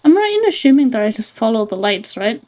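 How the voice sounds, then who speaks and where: A woman streaming a video game, chatting casually, playful and quick to laugh. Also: fairly high pitch, very animated, a little mellow. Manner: playful, laughs often, apologizes in mock panic. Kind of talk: casual gaming commentary.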